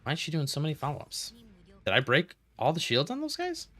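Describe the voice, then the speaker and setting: A man's voice: on the high side, fast talker. Rambling man streaming a strategy game. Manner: rambling, animated storyteller, talks through game moves. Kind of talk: casual gaming stream chat.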